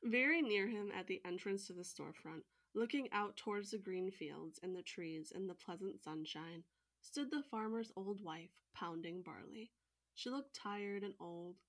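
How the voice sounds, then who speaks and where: Woman host narrating a folktale, steady read with wry asides. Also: medium pitch, normal speed. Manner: even storytelling read, joking asides. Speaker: podcast co-host and storyteller. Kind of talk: reading a folktale aloud with asides.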